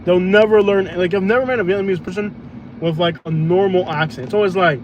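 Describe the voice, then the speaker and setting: A man's voice: sits high, quick pace, muffled recording. A man, chatting loosely and joking while driving for food delivery on a live stream. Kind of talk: casual livestream chat while driving. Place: inside a car on the road. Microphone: phone on live stream. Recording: noisy car cabin.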